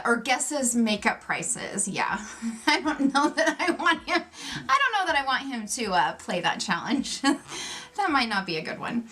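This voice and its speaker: A woman in her forties talks straight to camera on her own channel, chatty and openly nervous. Her voice sits a little high. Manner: chatty, self-described loud, nervous. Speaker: YouTube channel host. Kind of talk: casual chat to camera.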